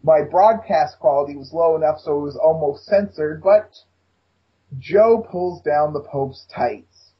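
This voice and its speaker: A man co-hosting a casual podcast, joking and quick to laugh. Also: a little high, breathy edge. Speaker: podcast co-host. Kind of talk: casual chat. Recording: dull lo-fi sound.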